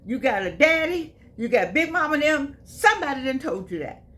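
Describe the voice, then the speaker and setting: A woman's voice: high-pitched, sing-song, brisk, fairly bright tone. A woman in her eighties giving a casual spoken reflection, folksy and emphatic, often repeating herself. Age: 80s. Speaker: vlogger.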